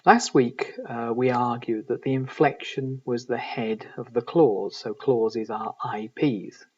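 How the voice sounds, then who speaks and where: A man giving a recorded university lecture in linguistics, measured and explanatory, often pausing to find his words. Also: mid-range voice, steady tone, husky. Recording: distant, dull lo-fi recording.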